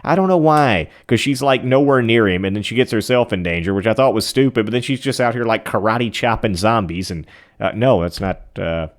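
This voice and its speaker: A man's voice: lowish voice, a little fast. A man casually recapping a movie for laughs, rambling with fillers and sarcastic, self-deprecating asides. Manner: sarcastic, rambling, mocks the film.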